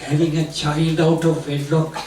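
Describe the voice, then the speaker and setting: A man's voice: a little high, little pitch movement, normal speed, a crowd in the background. An older man from Sri Lanka, telling self-mocking stand-up stories and building to punchlines. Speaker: comedian. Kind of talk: stand-up storytelling. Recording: roomy, distant mic, noisy venue.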